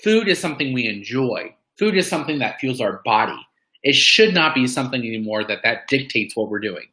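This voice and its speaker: A man's voice: mid-range voice, lively intonation, brisk, sharp tone, low-quality recording. A man giving a casual, fired-up motivational talk to an online weight-loss group, full of "like" and "um". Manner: chatty, fired-up, preachy bursts, lots of "like" and "um". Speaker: weight-loss community member speaking on a live meeting.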